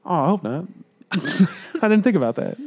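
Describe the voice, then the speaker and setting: A man's voice: high voice, sing-song, normal speed, creaky, darkish tone. A man co-hosting a podcast in casual chat, who laughs often as he talks. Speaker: podcast co-host.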